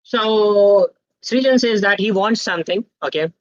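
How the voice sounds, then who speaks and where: A man's voice: high voice, measured pace, dry recording. Young man teaching live online, muffled. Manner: interactive, quizzes the chat, tags sentences with "okay?". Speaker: guest speaker at a student tech workshop.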